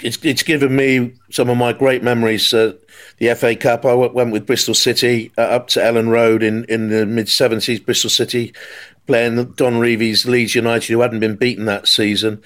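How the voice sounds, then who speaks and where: A man hosting a football podcast, telling animated anecdotes and mimicking the people in them. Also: medium pitch, moderate pace. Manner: animated anecdote-teller, mimics voices in his stories. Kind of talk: storytelling chat.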